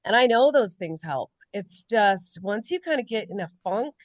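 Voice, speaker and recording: A woman co-hosts a podcast, speaking candidly and ramblingly about personal struggles in a casual chat. Her mid-range voice has lively intonation and a normal speed, with no room sound.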